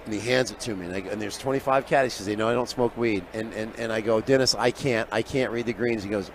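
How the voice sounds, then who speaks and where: A man who is a sports handicapper, telling an animated story as a guest on live sports radio and acting out the people he quotes. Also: on the low side, fast talker, noisy background. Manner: lively raconteur who acts out quoted voices, often trailing off quietly. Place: live broadcast booth at a radio event.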